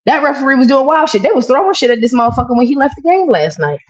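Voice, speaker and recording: A woman's voice: sits high, big pitch swings, racing, noisy background. A woman co-hosting a podcast, ranting in casual, profane slang. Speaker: podcast co-host. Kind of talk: casual political chat. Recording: dull lo-fi stream audio.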